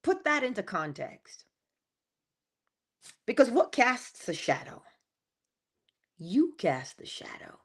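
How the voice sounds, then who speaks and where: A woman giving a passionate spiritual motivational talk, slowing down and stretching key words for emphasis. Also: fairly high pitch, sing-song, a bit bright. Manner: passionate, preachy, rising and falling emphasis. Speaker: inspirational speaker.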